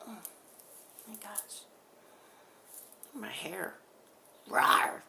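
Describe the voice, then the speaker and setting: A woman chats loosely and giggles as she rambles after a channeling. Her voice sits somewhat low with a gravelly texture. Steady background noise runs under her. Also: a little slow. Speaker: spiritual channeler. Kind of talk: casual chat after a channeling.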